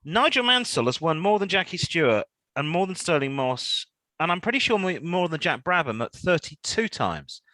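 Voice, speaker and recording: Male co-host, sardonic news banter, animated swings in pitch, dry close recording. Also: moderate pace, no echo, low-quality recording. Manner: sardonic, laughing, reads news items aloud with mocking asides. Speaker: podcast co-host. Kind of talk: casual banter reading news.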